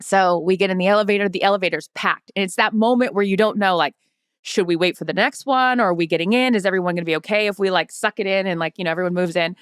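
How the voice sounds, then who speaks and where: Lively woman telling a story on a podcast. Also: medium pitch, quick pace, smooth, no room sound, studio quality. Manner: lively, swearing, acts out quotes in anecdotes. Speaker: podcast co-host. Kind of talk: casual chat, storytelling.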